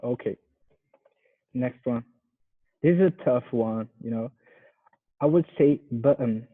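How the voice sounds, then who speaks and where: A Brazilian man whose first language is Portuguese practices English words, repeating each one carefully. He speaks very slowly and checks whether he got it right. His voice comes through a thin, phone-like video call. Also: medium pitch. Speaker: software engineer learning English. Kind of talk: pronunciation practice.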